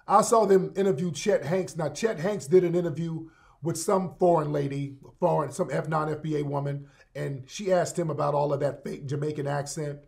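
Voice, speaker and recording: A man holds forth in a heated monologue, speaking straight to his audience with a confrontational edge. His voice sits a little on the high side for a man, and he leans on repeated phrases to drive his points home. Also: creaky. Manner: heated, confrontational, repetitive addressing. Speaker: show host.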